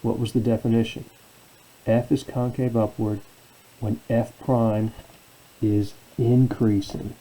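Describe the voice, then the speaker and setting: A man's voice: mid-range voice, flat delivery, takes it slowly, pauses often, dark tone, rough recording. A man teaching a calculus lesson as a professor, asking questions and answering them himself. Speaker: math professor. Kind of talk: calculus lecture.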